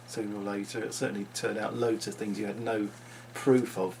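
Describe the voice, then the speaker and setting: A man's voice: fairly low pitch, creaky, slight background noise. A man talking unscripted into his vlog, musing and rambling with frequent restarts. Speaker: vlogger.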